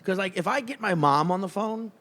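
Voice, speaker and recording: A man's voice: high voice, animated, fairly quick, pushed and bright, in a large hall. A man with a Southern US accent hosting a casual chat, rambling with frequent restarts and fillers. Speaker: podcast host.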